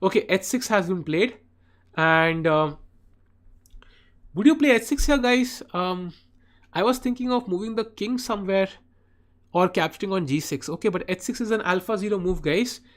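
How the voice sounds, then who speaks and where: A man's voice: sits high, normal speed, long pauses. A man commentating live chess on a stream, chatting with viewers and often saying "guys". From India. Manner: chatty, addresses chat viewers by name, often says "guys".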